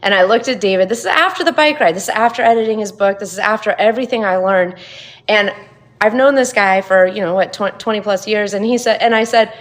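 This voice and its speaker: A woman's voice: mid-range voice, fairly quick. A woman around fifty, an editor guest in an interview, speaking candidly and laughing easily. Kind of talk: casual interview chat.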